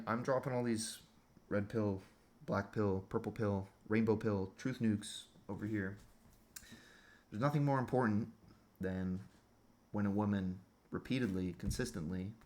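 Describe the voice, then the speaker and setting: A man delivering a crude, sarcastic monologue rant as a vlogger. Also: on the low side.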